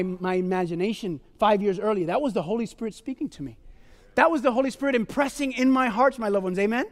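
A man preaching a testimony sermon in an animated way, often calling his listeners "my loved ones" and asking "amen?". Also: extremely high pitch, long reverb tail.

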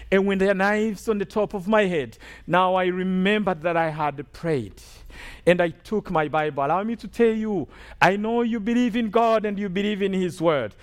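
A man from Rwanda preaching a sermon testimony, telling his story emphatically and checking in with the congregation. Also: high-pitched. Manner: emphatic storytelling with call-and-response asides.

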